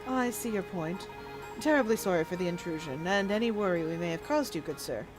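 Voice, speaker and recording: A woman doing a deep, formal gentleman professor. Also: lively intonation, music in the background, lightly acted, rough recording. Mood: polite. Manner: formal, measured, polite. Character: courteous gentleman professor, middle-aged man.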